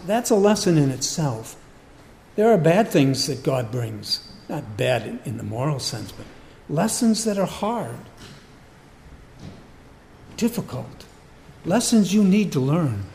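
A man's voice: on the high side, animated, slow pace, gravelly, long pauses, a little mellow. A man preaching a sermon, emphatic and repeating his key phrases. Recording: long hall reverb.

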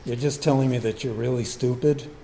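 A male preacher delivers a sermon slowly and deliberately, hammering home his points by repeating them. His pitch sits a little high and rises and falls freely. The sound carries a long reverb, as in a large hall. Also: expressive, a little hiss or hum. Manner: emphatic, repeats key phrases.

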